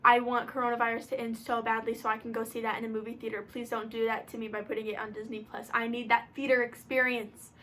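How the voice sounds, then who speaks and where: A young woman vlogging at home, chatting to the camera in a gushing, excitable way, sometimes half-shouting. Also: on the high side, fast talker, few pauses, slight background noise. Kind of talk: casual chat to camera. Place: room at home.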